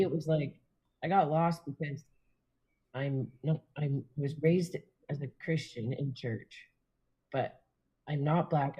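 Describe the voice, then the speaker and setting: A woman guest in a casual spiritual chat, talking gently and reflectively. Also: low-pitched, slightly rough, rough recording.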